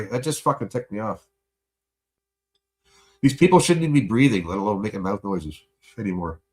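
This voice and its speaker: Man, casual livestream rant, angry profane venting, buzzed and high, middle pitch.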